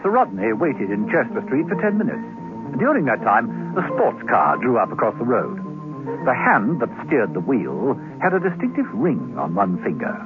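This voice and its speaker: A man narrating a radio drama with expressive, dramatic storytelling. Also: medium pitch, normal speed. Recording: tinny old radio recording with music.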